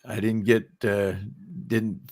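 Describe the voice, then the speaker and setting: A man's voice: on the low side, flat delivery, slow pace, a little mellow. A man, a political cartoonist, chatting casually and agreeing with his co-host in plain terms.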